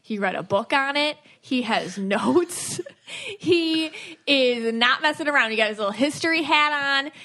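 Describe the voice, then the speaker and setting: A woman hosting a podcast about auras, chatting casually and teasing her co-host with quick laughs. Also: high voice, lively intonation, sharp tone. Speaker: podcast host, aura reader.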